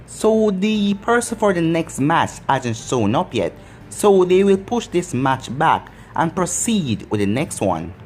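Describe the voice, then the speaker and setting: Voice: mid-range voice, very animated, unhurried, slight background noise. Narrator reading a formal male exam proctor. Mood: announcing.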